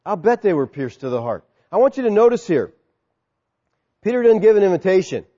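Male pastor, high voice, lively sermon delivery; dull recording with a long hall echo. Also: fairly quick. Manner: animated preaching, acts out crowd voices; soft, quiet prayer.

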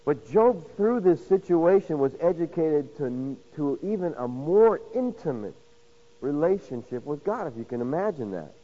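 A man preaching a sermon, swinging from loud emphasis to hushed, intimate lines and acting out quoted voices with rhetorical questions. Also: a little high, big pitch swings, normal speed, lo-fi sound. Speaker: pastor.

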